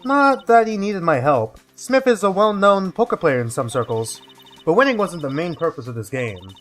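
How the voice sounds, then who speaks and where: A man voicing a smug, scheming female card-sharp dealer in a video game, with slow, drawn-out tough talk. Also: high voice, big pitch swings, soft background music.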